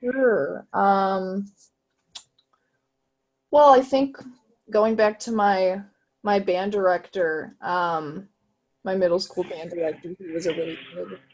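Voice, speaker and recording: A woman's voice: medium pitch, fairly even intonation, darkish tone. Eager, rambling 18-year-old woman. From Illinois, USA. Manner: halting, full of fillers and restarts, eager. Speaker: guest, jazz trumpet player. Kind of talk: casual conversation on a video call. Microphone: video call microphone.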